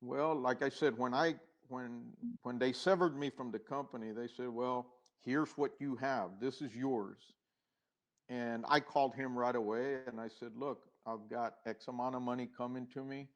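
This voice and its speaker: A middle-aged man, a podcast guest, telling his own story in an unhurried, reflective way, with pauses and restarts, and acting out the past conversations. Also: medium pitch, fairly even intonation. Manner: acts out past dialogue.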